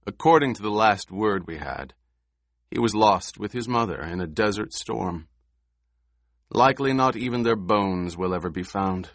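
Audiobook figure: weary, angry male fighter, tense forceful delivery, read by a man. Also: on the low side, animated, moderate pace, no room sound, clean studio sound. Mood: grave. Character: gruff weary male warrior, angry, grieving.

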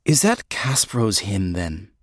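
A man voicing a soft-spoken old slave with a quiet air of authority. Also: fairly low pitch, sing-song, slow pace, dry recording, studio quality, exaggerated voice. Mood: gentle.

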